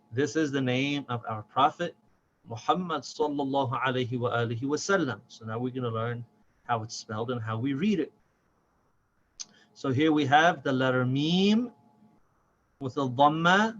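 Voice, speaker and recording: A man teaching a recorded reading lesson, who patiently breaks words into syllables and repeats them slowly. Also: medium pitch, a bit bright, muffled recording.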